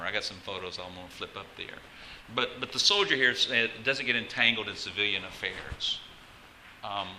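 Sharp-voiced preacher. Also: male voice, on the low side, a little hiss or hum, poor audio. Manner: conversational, asks the congregation questions, frequent restarts. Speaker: pastor. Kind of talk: sermon.

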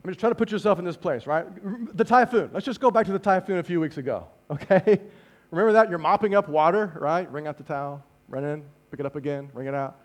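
A man preaching a sermon, animated, dropping to hushed tones for emphasis and asking his listeners questions. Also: a little high, fast. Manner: speaks to the congregation directly with rhetorical questions.

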